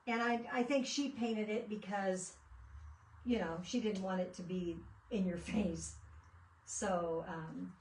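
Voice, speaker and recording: A woman's voice: medium pitch, fairly even intonation, takes it slowly, a little hiss or hum. A woman hosting a casual craft video, chatting and rambling through stories as she works. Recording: echoey room, mic at a distance.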